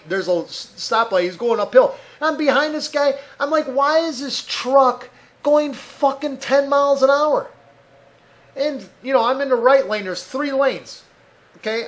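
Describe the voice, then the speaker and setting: A man's voice: sits high, fairly bright tone. A man hosting a podcast, ranting heatedly with constant swearing. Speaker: podcast host.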